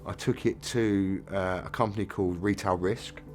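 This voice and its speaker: Deep-voiced English man telling his story. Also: fairly even intonation, moderate pace, a little mellow, faint music behind. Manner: plain-spoken, casual, frank. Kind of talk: candid first-person storytelling.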